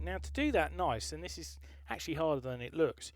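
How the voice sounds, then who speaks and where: A man teaching drums in a music room, his voice pitched a little high for a man. He talks through grooves and chants rhythm syllables over a drum kit that plays loud behind him. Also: very animated, fairly quick. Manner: chants rhythm words while demonstrating. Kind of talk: drum lesson tutorial. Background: drum kit playing.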